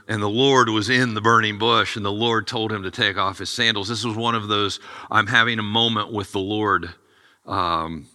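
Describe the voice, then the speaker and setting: A middle-aged man preaching a sermon in a very bright, forceful voice. He is animated, swinging from hushed intensity to excited bursts as he acts out the dialogue. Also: on the low side. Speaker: pastor.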